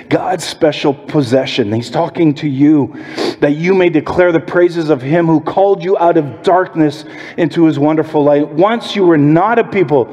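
In a church sanctuary, a man preaches a sermon as pastor, telling stories and acting out the voices he quotes. His voice is a little high with a darkish tone, and the recording carries long hall reverb.

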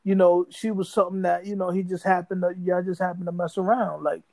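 A man's voice: high voice, level tone, fast, vocal fry, darkish tone. A man co-hosting a podcast in casual chat, rambling and repeating words, full of slang. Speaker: podcast co-host.

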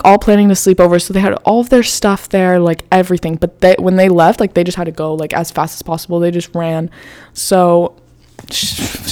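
Chatty young woman, low voice. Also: a little mellow. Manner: chatty, lots of fillers and swearing. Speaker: podcast host. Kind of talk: casual storytelling.

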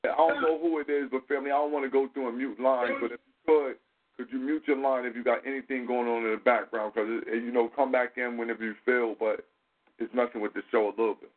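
A man hosting a casual call-in talk show, speaking animated street slang with plenty of profanity. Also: mid-range voice, fast talker. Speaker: show host. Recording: tinny phone-line audio.

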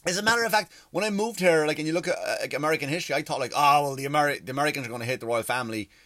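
A man doing a profane, animated stand-up comedy rant on stage. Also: rapid-fire, no room sound. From Ireland. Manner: profane, animated storytelling with sudden pitch jumps.

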